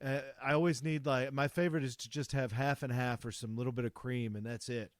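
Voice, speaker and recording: A man's voice: medium pitch, fairly even intonation, a little fast, dry recording, studio quality. A man co-hosting a podcast in a casual chat, easygoing and chatty, with many filler words. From United States. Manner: easygoing, warm reactions, says "like" a lot. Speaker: podcast co-host.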